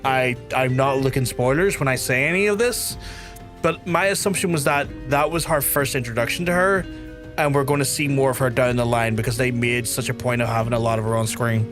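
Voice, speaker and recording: A young man chatting through a game stream, his talk rambling and animated, with faint music underneath. His voice sits at a medium pitch. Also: a little fast. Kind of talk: casual let's-play chat.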